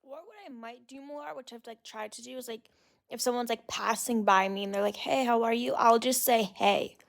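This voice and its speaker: A woman's voice: fairly high pitch, steady tone, a little fast, vocal fry. A young woman in a casual solo rant, talking with exasperated mocking asides and lots of "like" and "literally". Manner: exasperated, mocking mimicry of others; casual filler-heavy speech, "like" and "literally". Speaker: podcast host.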